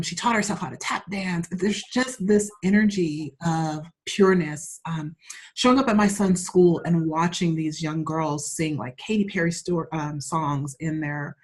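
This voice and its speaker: A woman guest in a casual interview, telling personal stories with frequent laughs and open emotion. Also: lowish voice. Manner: warm, laughing, openly emotional storyteller.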